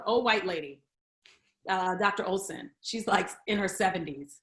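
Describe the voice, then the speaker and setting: A woman, a guest comedian, telling a candid personal story in a chat, acting out the voices of the people in it and swinging between hushed and loud. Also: mid-range voice, moderate pace, reverberant.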